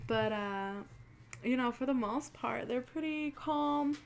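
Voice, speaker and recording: A woman's voice: sits high, slow, gravelly, slight background noise. A young woman hosting her channel, chatting casually and telling spooky stories, swearing freely and acting out what people said. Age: young adult. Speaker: channel host.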